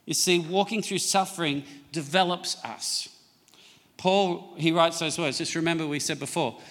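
A middle-aged man preaches a sermon in a high, ringing voice. He slows down to read scripture and asks the congregation for amens. His voice carries a long reverb through a church hall. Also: steady tone, fairly bright tone. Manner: preaching, quotes scripture with slowed emphasis, calls for amens. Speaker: pastor.

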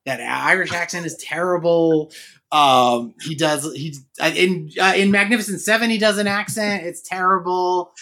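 A man with a Boston accent, trading animated stories and laughs in a casual podcast chat. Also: high-pitched, moderate pace. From Massachusetts. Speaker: actor and podcast talker.

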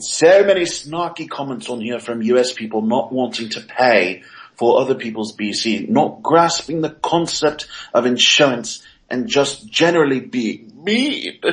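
A man co-hosting a casual chat, giving blunt, sarcastic takes and swearing freely. His pitch sits in the middle of the range but moves around a lot. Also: rough recording. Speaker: co-host reading comments.

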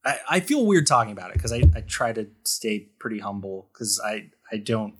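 A man's voice: lowish voice, very animated, brisk, background noise. A rambling man on a podcast. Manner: rambling, full of "like" and restarts. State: choked up. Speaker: guest artist. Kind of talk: casual podcast chat.

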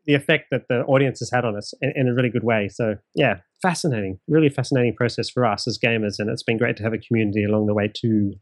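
A man's voice: mid-range voice, fast talker, few pauses, no echo. An Australian man who runs a streamed tabletop game, talking casually in an interview, often repeating words as he starts sentences. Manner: chatty, repeats words at starts, laughs easily.

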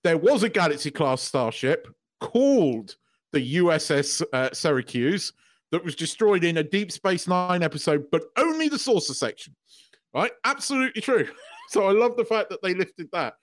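A man's voice: high-pitched, very animated, moderate pace. A man co-hosting a podcast, gushing and swearing as an emotional fan in casual chat. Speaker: podcast co-host.

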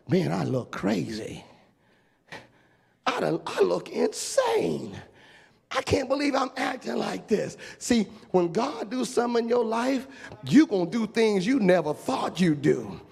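Male preacher, gravelly voice, big reverberant hall. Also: sits high. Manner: animated, shouting and laughing while acting out a story. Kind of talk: storytelling sermon. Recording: long echo of a large hall.

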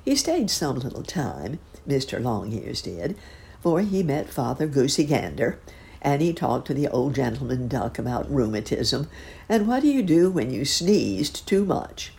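Woman, children's story reading, lilting, gravelly, lively. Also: a bass voice, a little slow.

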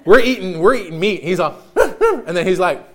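A man's voice: high-pitched, big pitch swings, normal speed. A man preaching a sermon as pastor in a church, joking and storytelling with frequent laughter. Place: church sanctuary.

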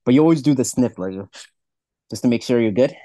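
A man co-hosting a podcast, chatting casually in a fast, profane, rambling way. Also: mid-range voice, animated, mellow, dry recording, clean studio sound. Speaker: podcast co-host. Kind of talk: casual chat.

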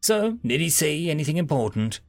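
A man voicing Suma, a cheerful, curious little female creature, in a bright, chirpy tone. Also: on the high side, big pitch swings, brisk, dry recording, faint music behind, voice pushed up.

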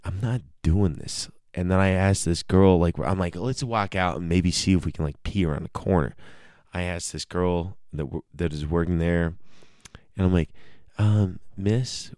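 A man's voice: deep voice, moderate pace, mellow, dry recording, studio quality. A young man telling a rambling, profane comic story on his own podcast, often breaking off to joke with listeners. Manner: rambling, self-interrupting, profane. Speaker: solo podcast host. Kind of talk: casual comedic storytelling.

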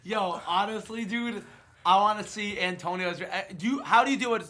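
A man's voice: sits high, normal speed, pushed and bright. A young man co-hosting a podcast game among friends, brash and joking with hype slang. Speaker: podcast co-host. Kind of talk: casual group chat.

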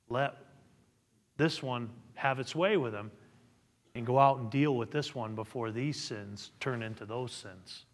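A man's voice: mid-range voice, in a large hall. A middle-aged male pastor preaching a sermon, reading scripture aloud and building to emphatic peaks. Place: church sanctuary.

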